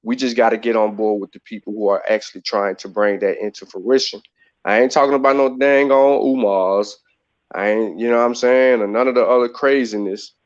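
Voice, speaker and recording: A man's voice: lowish voice, fairly even intonation, brisk, dull audio. Man hosting a rambling casual livestream. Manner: rambling, many restarts and "you know what I mean". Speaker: host.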